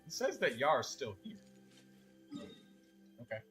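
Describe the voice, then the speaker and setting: A young man's bright, forward voice at an average pitch, chatting loosely as he streams a game. He stays easygoing and friendly and often restarts mid-sentence. Soft music plays faintly underneath. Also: big pitch swings, slow. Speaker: gaming streamer. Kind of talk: casual chat while playing live.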